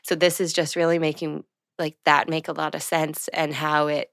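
A woman with a somewhat low voice hosts a podcast and talks through her thoughts in a reflective way, laughing easily. Her voice is close and dry. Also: level tone, normal speed, creaky, dry recording. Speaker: podcast host. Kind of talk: casual conversation and read sponsor ads.

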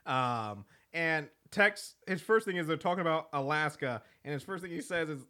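Podcast co-host: man, bright and a touch high, rambling through a movie recap. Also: animated, moderate pace. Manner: rambling, laughs often, quotes film lines. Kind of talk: casual chat reviewing a movie.

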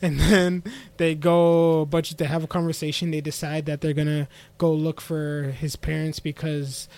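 A man co-hosting a casual anime podcast, telling the plot in a loose run-on way with plenty of "and then he's like". His voice sits a little higher than most men's, and he slips into short quoted lines for the characters as he goes. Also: flat delivery, a little mellow. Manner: rambling retelling with quick voiced quotes. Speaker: podcast co-host. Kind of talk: casual anime recap chat.

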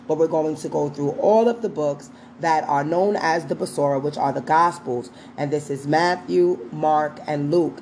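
A woman's voice: low-pitched, mellow, a little hiss or hum, poor audio. A woman hosting a faith podcast at home, chatting casually and encouragingly, dropping Hebrew greetings and bursts of praise. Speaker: podcast host and mother. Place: at home over lunch.

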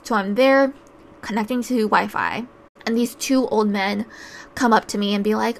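A woman's voice: medium pitch, normal speed, creaky, slight background noise. A woman telling a personal travel story in a casual, chatty way, wry and full of filler words.

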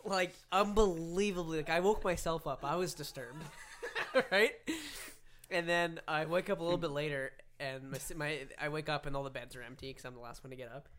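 A man's voice: fairly high pitch, steady tone, a little fast, fairly bright tone. A young man co-hosting a casual podcast with friends, laughing as he tells his own stories. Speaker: podcast co-host. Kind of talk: casual chat among friends.

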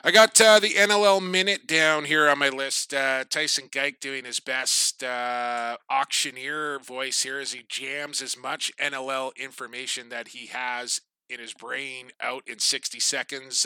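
A man's voice: mid-range voice, pushed and bright, smooth, no room sound. A man hosting a casual sports podcast, chatty and upbeat, often trailing off at the ends of his thoughts. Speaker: podcast host.

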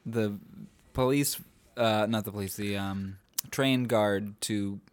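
A man's voice: lowish voice, steady tone, takes it slowly, no room sound. A man in his thirties co-hosting a casual movie podcast, joking around, trading quotes and laughing. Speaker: podcast co-host.

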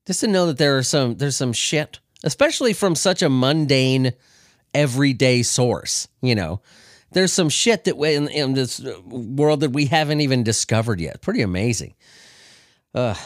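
A podcast host with a medium-pitched voice chats in a casual, crude, joking way, recorded dry with clean studio sound. He's lively and laughs a lot, though he's recovering from an illness and prone to coughing fits.

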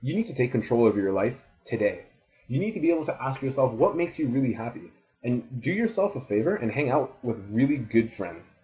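A man's voice: mid-range voice, very animated, brisk, dark tone, low-quality recording. A man in his twenties giving a rambling, casual motivational talk to a listener, swearing freely and repeating himself for emphasis. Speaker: student giving advice.

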